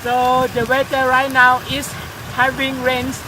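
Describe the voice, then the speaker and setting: A Lao-accented man reports mock weather in slow, halting learner English. His high voice stays flat and level, with loud rain and traffic noise behind him. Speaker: weather presenter. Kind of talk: student role-play weather report.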